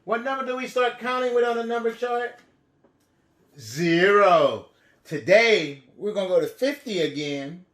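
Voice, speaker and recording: Slow, bright-voiced playful male teacher. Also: high-pitched. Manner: playful, animated, talks to the kids. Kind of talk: reading aloud and teaching young children.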